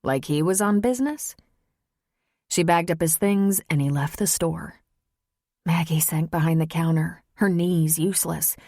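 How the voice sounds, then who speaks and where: A woman narrating an audiobook in a tense, measured storytelling voice. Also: deep voice, warm tone, no echo, studio quality. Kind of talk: scripted narration.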